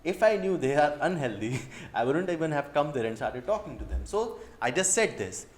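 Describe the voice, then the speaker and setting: A man's voice: fairly high pitch, sing-song, normal speed, echoey room. A young man with an Indian English accent who coaches dating and talks over field footage, blunt and profane and fond of repeating key phrases.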